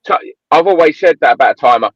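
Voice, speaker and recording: A man's voice: on the high side, lively intonation, fast talker, husky, no echo. Emphatic man on a dull, dry line. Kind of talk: casual football chat.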